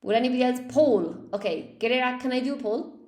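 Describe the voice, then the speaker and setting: Irish woman, English teacher on a live stream, chatty and a touch high-pitched. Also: animated, fast talker, dark tone. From Ireland. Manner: chatty, reads out viewer comments. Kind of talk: casual livestream lesson. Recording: echoey room.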